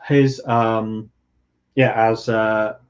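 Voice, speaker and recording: A man's voice: lowish voice, little pitch movement, extremely slow, lo-fi sound. A man co-hosting a podcast, explaining ideas in a dry, good-humoured way. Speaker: podcast co-host. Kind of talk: casual chat.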